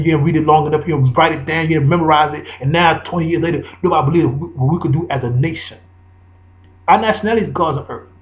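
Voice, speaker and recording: A man's voice: fairly high pitch, highs cut off. A man delivering a profane, preachy ranting monologue full of repetition and street slang.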